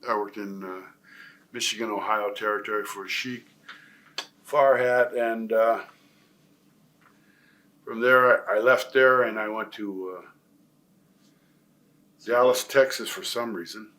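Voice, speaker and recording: A man's voice: on the low side, fairly even intonation, slow, pauses often, a bit bright. An older man from Nebraska telling long stories in a career interview, rambling with many fillers and restarts. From Nebraska, USA. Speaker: retired pro wrestler, guest.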